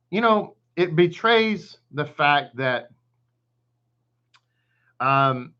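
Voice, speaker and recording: Chatty Texan rabbi greeting viewers. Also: male voice, on the high side, bright, forceful tone, dull audio. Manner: chatty, greets viewers by name, hums and laughs between thoughts. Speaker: rabbi teaching Torah. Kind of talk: casual online Torah class.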